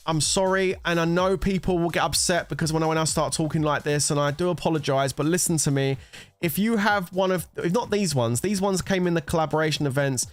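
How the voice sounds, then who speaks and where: A man's voice: a little high, dry recording. Heated, cursing man ranting. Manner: heated, profane, exasperated ranting. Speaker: gaming content creator. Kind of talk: ranting commentary on a mobile game.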